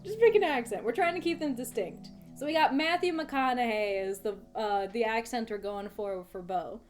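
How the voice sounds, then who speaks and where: A woman's voice: a little high, moderate pace, soft background music. Playful laughing woman streamer. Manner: playful, laughs often, chatty with viewers. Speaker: livestreamer. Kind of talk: casual let's-play chat.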